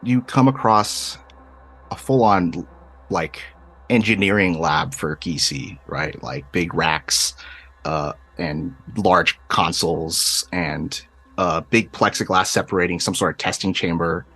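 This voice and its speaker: Low husky-voiced male game master. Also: slow, fairly bright tone. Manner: loose, filler-heavy describing, many "like"s. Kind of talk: narrating a tabletop game.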